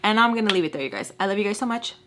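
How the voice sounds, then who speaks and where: A woman's voice: mid-range voice, racing, noisy background. Woman doing a storytime vlog, talks casual, swears a lot, acts out everyone in the story. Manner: expressive, swears freely, acts out scenes with quoted voices. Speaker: storytime vlogger.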